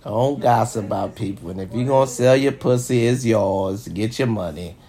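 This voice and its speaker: A man hosting an hour-long live show, delivering a brash, profane, swaggering monologue that repeats phrases and swings between loud and hushed. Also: fairly low pitch, normal speed. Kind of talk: casual boastful monologue.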